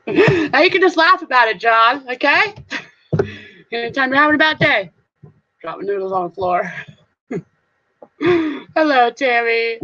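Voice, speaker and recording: A woman's voice: high-pitched, lively intonation, slow pace, pauses often, bright, forceful tone. Giggly goofy Southern woman on a live stream. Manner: goofy, giggly, playful sing-song voices. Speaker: live stream host, reseller. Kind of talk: casual live chat reading comments. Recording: slightly dull lo-fi stream audio.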